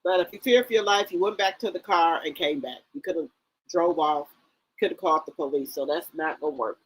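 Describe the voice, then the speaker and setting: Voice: mid-range voice, a little fast, poor audio. A speaker with a mid-range voice gives blunt, direct commentary, talking straight to the person on trial. The delivery is casual and repeats its points firmly. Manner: blunt, direct, addresses the defendant.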